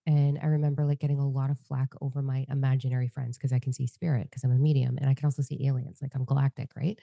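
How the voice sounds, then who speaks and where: Fast-talking unfiltered woman, very deep voice. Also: flat delivery, gravelly, mellow, no echo, muffled recording. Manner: fast, unfiltered, swearing freely. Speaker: podcast co-host and psychic medium. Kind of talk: candid casual conversation.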